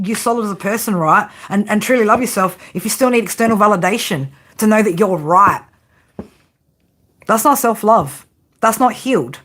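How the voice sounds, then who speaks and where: A woman giving a tarot reading, blunt and profane, often tagging her points with a quick "right?". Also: fairly high pitch, a bit bright. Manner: frank tough-love delivery. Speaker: tarot reader.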